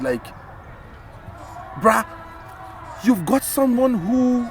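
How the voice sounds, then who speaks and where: Animated man in loose talk-show banter. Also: on the high side, normal speed, a little hiss or hum. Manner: animated, exclaiming, many fillers and restarts. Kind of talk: casual podcast chat.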